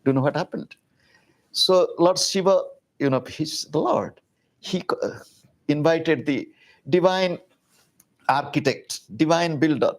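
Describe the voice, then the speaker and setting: A man giving a public spiritual talk, telling a story in an animated, conversational way with casual asides. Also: a little high, a little slow, pauses often. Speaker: spiritual teacher.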